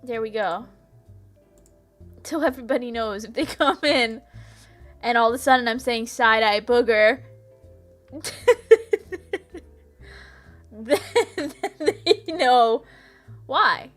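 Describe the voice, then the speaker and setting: Giggly high-voiced woman streamer. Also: takes it slowly, pauses often, a bit bright. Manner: giggly, silly, laughs often. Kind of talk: casual chat with viewers. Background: faint music.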